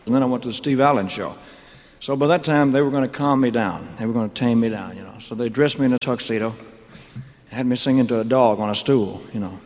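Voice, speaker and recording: A man's voice: mid-range voice, fast talker, a little mellow. A man telling his career story on a live stage, rambling with mumbled asides, wisecracks and chuckles. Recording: live hall with faint crowd ambience.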